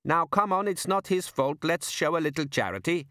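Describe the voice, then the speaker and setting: Courteous kindly desert host, formal and soft-spoken, raised voice, male narrator doing him. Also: fairly high pitch, expressive, normal speed, no room sound, clean studio sound, voice pushed up. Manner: courteous, soothing. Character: polite kindly desert man.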